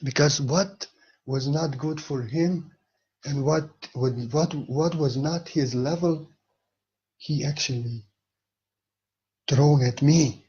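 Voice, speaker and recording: A man giving a spiritual monologue with a husky voice, speaking emphatically and swinging between soft and loud. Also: fairly high pitch, slow pace, long pauses, lo-fi sound. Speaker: spiritual teacher.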